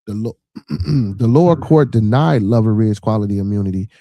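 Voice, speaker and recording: Male podcast host, low dark voice, dry close sound, loose profane livestream commentary. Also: normal speed, vocal fry, no room sound. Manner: profane, repeats 'you know what I'm saying'; reads viewer comments and news aloud.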